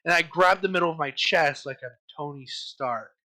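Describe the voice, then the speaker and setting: A young man co-hosting a casual podcast chat, telling stories in an animated way and acting out his own panicked quotes. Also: on the high side, normal speed. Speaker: podcast co-host.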